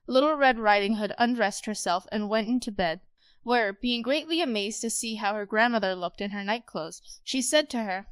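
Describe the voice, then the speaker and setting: A woman's voice: a little high, expressive, moderate pace, clear, resonant tone. Woman reading a fairy tale aloud. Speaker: storyteller. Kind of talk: storybook read-aloud.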